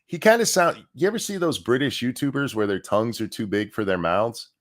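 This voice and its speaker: A man's voice: medium pitch, fairly quick. A man hosting a casual livestream, rambling and sarcastic, swearing freely and restarting his sentences often. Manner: rambling and profane, with frequent restarts. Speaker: livestream host.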